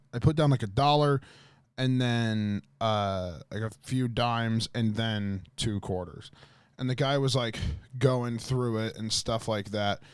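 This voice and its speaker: A man's voice: mid-range voice, a little mellow, smooth, no room sound. Rambling, swearing streamer man, dry mic. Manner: rambling, heavy swearing, many fillers and restarts. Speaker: livestreamer. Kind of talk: casual storytelling to chat.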